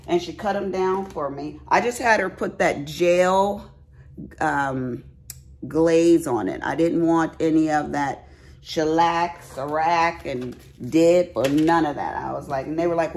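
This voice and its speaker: Filming a craft haul vlog in her bedroom, a middle-aged woman talks to viewers in a chatty, folksy way. Her low voice is unhurried and darkish in tone, with a little hiss or hum in the recording.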